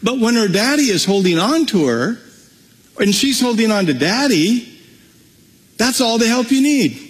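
A man preaching a sermon, telling stories in an animated way and acting out the voices. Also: very high-pitched, unhurried, pauses often, breathy edge, big-room sound, rough recording. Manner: animated storytelling, acts out voices.

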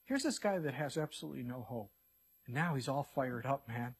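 A male pastor preaching an expository sermon, animated and acting out the story characters in quick voices. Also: mid-range voice, slightly rough.

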